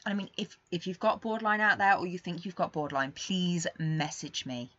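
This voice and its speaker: A woman's voice: lowish voice, lively intonation, brisk, dry recording. Candid young woman, muffled recording. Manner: candid, rambling, swings between quiet and emphatic. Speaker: podcast host. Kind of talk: casual confessional monologue.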